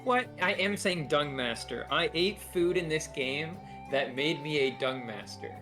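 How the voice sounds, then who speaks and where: A man with a slightly higher voice tells stories with animated energy and slips into quick impressions of others. Game music plays clearly underneath his voice. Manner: animated storyteller who mimics people. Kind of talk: casual storytelling chat.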